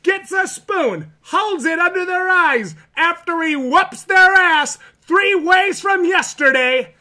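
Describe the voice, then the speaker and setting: Guy doing a cocky showoff character, high bright voice, brags nonstop about himself. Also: full character voice. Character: cocky boastful male persona, arrogant showman. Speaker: streamer. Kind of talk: comedic live stream character bit.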